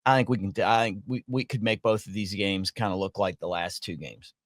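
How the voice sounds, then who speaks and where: A man, a play-by-play announcer hosting a casual sports podcast, answering in relaxed, agreeable conversation. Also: lowish voice, a little fast, no room sound.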